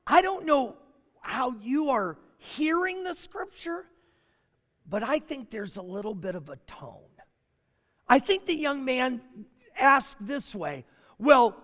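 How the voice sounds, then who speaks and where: A man preaching a sermon as a pastor, animated and full of rhetorical questions. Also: very high-pitched, long reverb tail.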